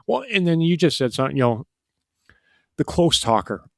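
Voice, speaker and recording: A man's voice: on the high side, very animated, moderate pace, creaky, fairly bright tone, no echo, clean studio sound. A man talking as a podcast guest, emphatic and full of restarts and "you know". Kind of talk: casual conversation.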